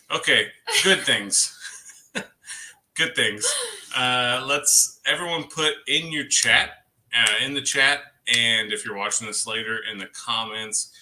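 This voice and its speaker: A man's voice: lowish voice, pushed and bright. A man co-hosting a casual livestream, chatting in a rambling way and laughing easily. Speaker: livestream co-host. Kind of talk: casual chat.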